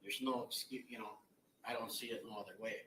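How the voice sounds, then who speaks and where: Middle-aged man, blunt and halting, bright forceful tone, courtroom feed with echo and distance. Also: on the low side, steady tone, slight background noise. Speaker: victim's relative giving impact statement. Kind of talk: courtroom victim impact statement. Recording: echoey courtroom audio from far off.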